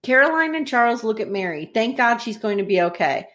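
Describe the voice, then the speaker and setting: A woman co-hosting a podcast, recapping a show in casual chat. Her pitch swoops up and down, and she sits a little high for a woman. She is animated and swears freely. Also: a little fast. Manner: animated, swearing, mimics characters while retelling. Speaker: podcast co-host.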